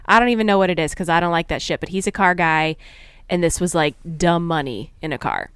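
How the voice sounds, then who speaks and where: A woman in her thirties co-hosting a podcast, telling stories in a relaxed, chatty way with easy laughs. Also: lowish voice, brisk, clear, resonant tone, no echo, clean studio sound. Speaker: podcast co-host. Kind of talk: casual chat.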